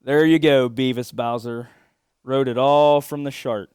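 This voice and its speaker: A man hosts his podcast solo in a crude, sarcastic, rambling way. His voice sits at a middling pitch and sounds dry and close, with no room around it. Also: fairly even intonation, a little slow, darkish tone, clean tone, no echo. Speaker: podcast host. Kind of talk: casual solo podcast talk.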